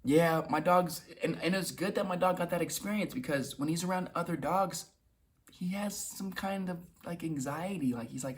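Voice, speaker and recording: A man's voice: on the high side, normal speed, breathy edge. A young man telling a casual, rambling story in a vlog, restarting and repeating words and swearing now and then. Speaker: vlogger.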